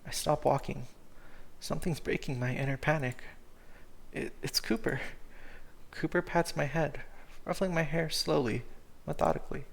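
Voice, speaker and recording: Man streaming a story game and reading it aloud; emotional, often correcting himself, gravelly edge. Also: on the high side. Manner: emotional, frequent self-corrections. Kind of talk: reading a visual novel aloud.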